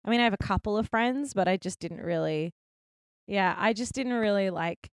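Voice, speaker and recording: Young aussie woman rambling casually in an interview, smooth clear voice, dry close sound. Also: medium pitch, moderate pace, no room sound. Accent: Australian. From Australia. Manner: chatty, many likes and restarts. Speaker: guest, filmmaker.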